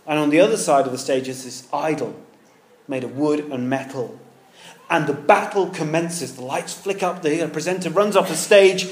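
A man delivers a sermon in a lively, conversational manner, weaving in everyday comparisons. His voice sits fairly high for a man. The sound carries a noticeable room echo. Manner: lively, conversational with pop-culture asides. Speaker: preacher. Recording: echoey room.

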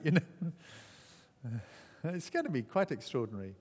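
A man's voice: medium pitch, big pitch swings, moderate pace, pauses often, slightly rough. A man preaching a sermon, telling the story vividly and acting out the voices. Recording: echoey hall.

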